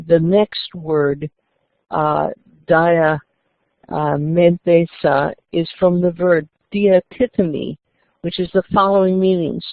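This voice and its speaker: A woman giving a scripture lecture, reading and explaining Greek words in a deliberate way. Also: deep voice, gravelly, no echo. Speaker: Bible teacher. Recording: tinny phone-like dry sound.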